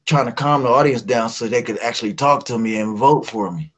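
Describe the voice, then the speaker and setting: Brief: middle-aged man from West Virginia, quick animated storyteller, mid pitch. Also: poor audio. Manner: animated storyteller acting out voices. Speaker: guest singer. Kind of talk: casual storytelling.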